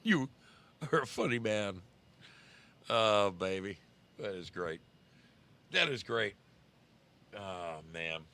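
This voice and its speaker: A man's voice: lowish voice, lively intonation, takes it slowly, pauses often. A man in his sixties hosting a casual live stream, greeting viewers and telling rambling road stories. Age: 60s. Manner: rambling storyteller, greets chat viewers warmly by name. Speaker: livestream host.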